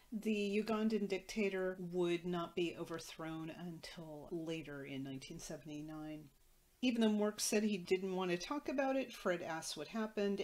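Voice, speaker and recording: Woman host, lowish voice, dry matter-of-fact recap with wry asides. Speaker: podcast host. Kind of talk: episode recap commentary.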